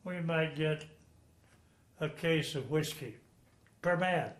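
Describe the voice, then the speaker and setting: The sound is roomy around this fairly high, slow-paced voice belonging to a World War II veteran in his nineties from Texas. He's giving an oral history interview, telling frank stories that ramble and are sprinkled with chuckles.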